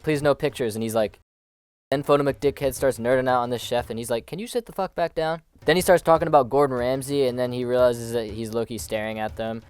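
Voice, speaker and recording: A man's voice: mid-range voice, clean tone. A man narrating a comedic movie recap, sarcastic and profane. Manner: sarcastic, profane, rapid-fire.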